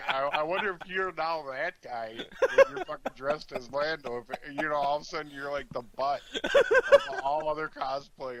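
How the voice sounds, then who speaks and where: A man's voice: mid-range voice, sing-song, moderate pace, creaky, crowd noise, rough recording. A man co-hosting a podcast, rambling in casual chat and swearing often as he restarts his sentences. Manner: rambling, profane, hesitant restarts. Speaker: podcast co-host.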